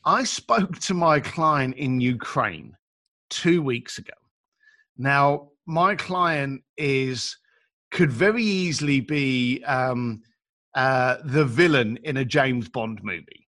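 A man telling stories as a guest in casual conversation, chatty and animated, acting out the people he quotes and using informal slang. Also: mid-range voice, slow pace. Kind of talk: casual storytelling.

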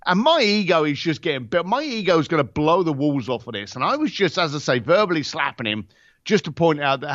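Animated, expressive man telling a story. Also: a little high, fairly quick, dry recording, dull audio. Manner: animated, blunt storyteller who swears and acts out dialogue. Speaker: podcast guest. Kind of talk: casual storytelling.

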